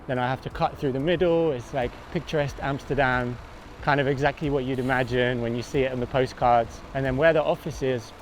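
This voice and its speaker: A man casually narrating a day-in-the-life vlog in a relaxed, chatty way, often saying "like". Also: medium pitch, slight background noise. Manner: laid-back, chatty, says "like" often. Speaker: designer vlogging his day. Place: around his home city, home, café and office.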